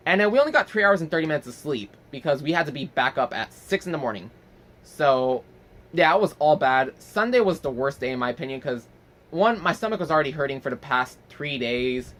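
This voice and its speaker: A young man telling a rambling story as a casual vlog, swearing freely and acting out the people in it. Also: on the high side. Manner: animated, rambling with fillers. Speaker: vlogger.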